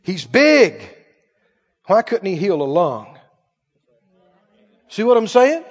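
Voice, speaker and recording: A man preaching a sermon, swinging from booming scripture reading to quiet, quick asides to the congregation. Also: sing-song, slightly rough. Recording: muffled sound in a long reverberant hall.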